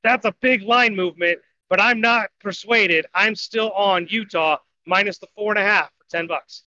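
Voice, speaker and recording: A man's voice: high-pitched, moderate pace, bright, forceful tone. A man co-hosting a sports betting podcast, rambling through his college football and baseball picks in casual talk. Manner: rambling, self-correcting picks. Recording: dull lo-fi audio.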